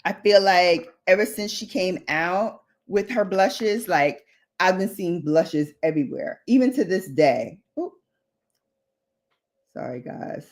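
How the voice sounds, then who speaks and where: Slow-talking low-voiced woman vlogger. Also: lively intonation. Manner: chatty, reads viewer comments aloud, drifts onto tangents. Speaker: beauty vlogger hosting a livestream. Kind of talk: casual chat while doing makeup.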